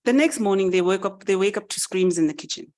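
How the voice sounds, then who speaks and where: Lively woman telling a fable. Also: medium pitch, fast. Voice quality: lively, animated narration. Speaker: summit speaker. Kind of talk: storytelling speech.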